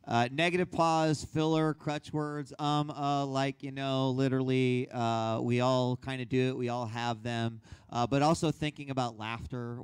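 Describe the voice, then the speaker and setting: Male workshop host, clear resonant voice, dry close sound, casual instructional delivery. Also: mid-range voice, no room sound. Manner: conversational, demonstrates reads with varied energy. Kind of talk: instructional talk.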